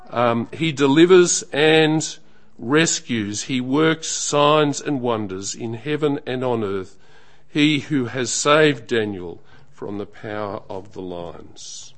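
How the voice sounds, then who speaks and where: Slow, measured male preacher. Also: medium pitch. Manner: measured, emphatic preaching with falling, trailing phrase ends. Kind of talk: sermon.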